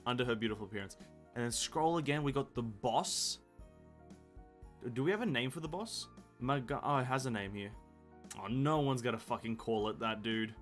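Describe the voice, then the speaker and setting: With faint music in the background, a man chats casually on a live stream as he plays a video game. His mid-range voice moves at normal speed as he swears freely, mocks himself, and trips over game text he reads aloud.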